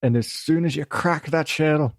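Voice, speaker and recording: A gruff, theatrical male voice with a put-on Scottish-ish brogue, done by a podcast host, sitting higher than his everyday talk. It is recorded dry and close, and it rambles with manic showmanship. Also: moderate pace, no room sound, close to an everyday voice.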